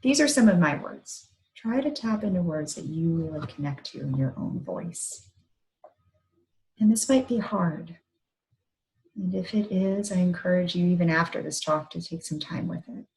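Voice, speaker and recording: Woman, 30s, low voice, gentle reflective psychologist leading an online talk. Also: lively intonation, moderate pace, vocal fry, poor audio. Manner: gentle, reflective, guiding listeners through an exercise. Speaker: psychologist giving a parent talk.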